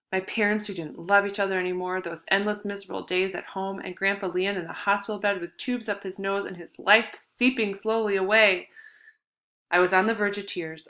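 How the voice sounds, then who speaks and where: A woman's voice: fairly low pitch, a bit bright. A woman reading a first-person novel as an audiobook, in an earnest, confiding storytelling manner. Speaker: audiobook narrator.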